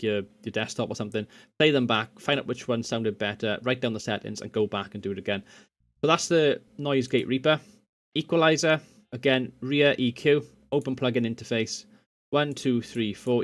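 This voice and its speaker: Casual rambling man explaining software settings. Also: mid-range voice. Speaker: tech tutorial host. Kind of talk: screen-recorded software tutorial. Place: home computer desk. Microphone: USB condenser microphone.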